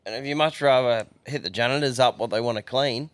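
A man's voice: medium pitch, fairly quick, clean tone, dry recording. A man with an Australian accent co-hosting a podcast, trading crude jokes in casual chat. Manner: crude joking banter. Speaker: podcast co-host.

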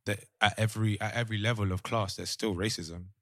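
A man's voice: on the low side, fairly even intonation, fairly quick, a bit bright, dry recording, clean studio sound. A man co-hosting a podcast chat, thinking aloud and hesitant at times. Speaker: podcast co-host. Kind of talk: casual chat.

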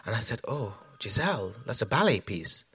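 A man's voice: lowish voice, big pitch swings, moderate pace, sharp tone, slightly rough, no echo. A man talking as a choreographer in an onstage conversation, reflective, with many fillers and restarts. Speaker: choreographer guest.

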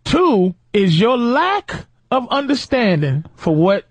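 A middle-aged man riffs loudly and mockingly, acting out phone calls and airport run-ins. His voice sits high and swings widely in pitch. The sound is close and dry. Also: sing-song, slow pace, husky, no room sound. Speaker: podcast co-host. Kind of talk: profane comedic rant.

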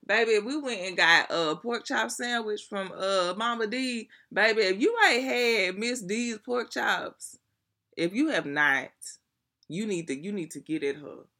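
A young adult woman talks straight to her audience in a loose vlog style. Her voice is bright and forward. She tells her stories animatedly, with plenty of slang and swearing. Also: medium pitch, measured pace. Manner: animated, profane, chatty slang-filled storytelling. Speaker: vlogger. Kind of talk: casual storytelling to viewers.

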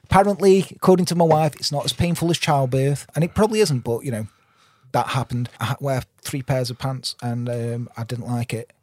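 A man's voice: mid-range voice, steady tone, a little fast, darkish tone, no room sound. A man, a podcast guest, chatting casually and rambling through crude anecdotes on a podcast mic. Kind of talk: casual chat.

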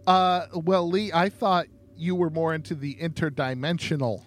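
A man's voice: fairly high pitch, steady tone, normal speed. A young man co-hosting a podcast in a casual chat, rambling along with lots of ums and easygoing jokes. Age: young adult. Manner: rambling, many ums, laid-back joking. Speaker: podcast co-host.

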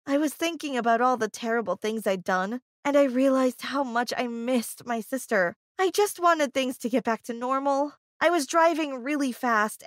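A woman's voice: a little high, no echo, studio quality. A woman reading a scripted first-person story in an emotive, confessional way.

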